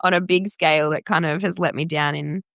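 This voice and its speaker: A young Australian woman, a radio presenter, chatting candidly as a podcast guest with quick asides. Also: low-pitched, steady tone, creaky, fairly bright tone, no echo. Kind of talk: casual interview chat.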